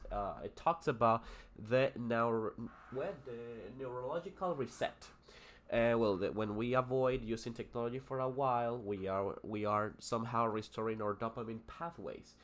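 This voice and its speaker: A young man with a Spanish accent and Spanish as his first language runs a casual English lesson on a livestream. He reads passages aloud and then drifts into loose chat, filling gaps with "uh" and "you know" and correcting himself mid-sentence. His voice sits at an ordinary middle pitch for a man. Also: bright, forceful tone. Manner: rambling, many fillers and self-corrections.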